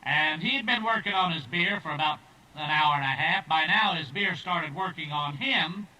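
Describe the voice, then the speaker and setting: A man's voice: on the high side, normal speed, bright, forceful tone. A man telling folksy jokes on stage, drawling through long stories and slipping into character voices. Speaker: stand-up comedian. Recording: distant, old tape transfer.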